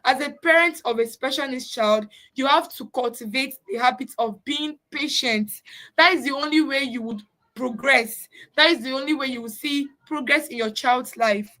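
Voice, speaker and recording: A woman coaches parents in a high, bright voice. She talks earnestly and repeats her points for emphasis, like an informal lesson. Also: moderate pace, poor audio. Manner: earnest, repetitive, acts out parents' complaints. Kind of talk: informal teaching talk.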